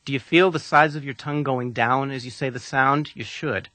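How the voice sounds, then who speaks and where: A man narrating a scripted pronunciation lesson, calm, deliberate and patient as he coaches the listener. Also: mid-range voice, heavy background noise. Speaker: language instructor.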